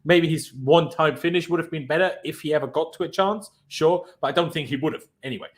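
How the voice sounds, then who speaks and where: A man hosting a casual online fan panel, chatting and passing questions to his guests over a video call. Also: fairly high pitch. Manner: fast, chatty, hands the floor to others. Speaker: host of a fan reaction panel.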